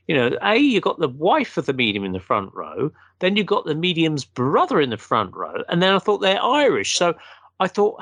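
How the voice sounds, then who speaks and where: A man, a guest, telling a long anecdote in a casual, animated way and acting out the quotes. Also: a little high, normal speed, dry recording.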